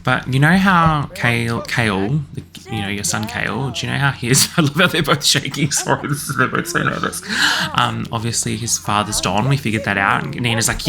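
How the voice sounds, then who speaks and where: A man's voice: medium pitch, brisk, creaky, a crowd in the background. A young man chatting through a life-sim game, rambling and acting out what the characters say. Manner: chatty, rambling, quotes characters in a slightly raised voice. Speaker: let's play host. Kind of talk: casual commentary voicing game characters.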